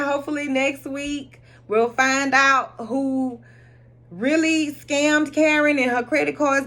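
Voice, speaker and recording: A woman with a slightly high voice gives a casual spoken recap of a drama episode. She is animated and blunt, drops profanity freely and laughs often as she tells it.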